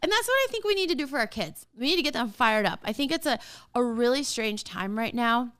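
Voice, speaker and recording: A woman in her forties hosting a casual podcast, talking straight to parents in an animated, emphatic way and often laughing. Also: on the high side, a little fast, clean tone. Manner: talks straight to listeners as a parent. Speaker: podcast host.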